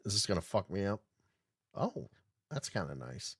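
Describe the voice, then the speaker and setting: A man's voice: deep voice, sing-song, moderate pace, a bit bright, slightly rough, no echo, studio quality. Irreverent, swearing male podcast host. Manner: irreverent, swears often, reads articles aloud and riffs on them. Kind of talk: casual livestream commentary.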